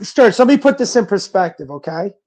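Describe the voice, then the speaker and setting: A comedian co-hosts a sports podcast, hammering his points home with emphasis and plenty of profanity. His voice sits notably high for a man. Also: animated, brisk, darkish tone. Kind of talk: casual sports chat.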